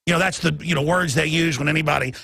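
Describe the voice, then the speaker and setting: A man hosting a radio talk show, delivering a heated, emphatic monologue that swings between loud and soft. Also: a little high, steady tone, fast talker, vocal fry, slightly rough. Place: radio studio.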